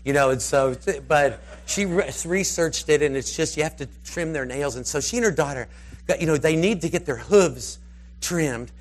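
A man preaching, telling a rambling, animated story and slipping into the voices of its characters. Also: on the high side, moderate pace. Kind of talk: storytelling sermon.

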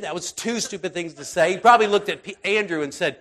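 A man with a high voice preaches an informal, conversational sermon, talking fast with hardly any pauses. His speech is full of fillers and restarts, and it swings between raised intensity and quiet, soft passages.

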